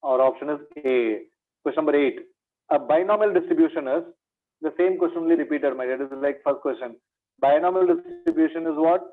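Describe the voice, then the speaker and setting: With big pitch swings, a voice on the high side, and a fairly quick pace, this Indian English-accented maths teacher works through exam revision. He answers the questions he raises and calls his students "my dear," heard over tinny online lecture audio.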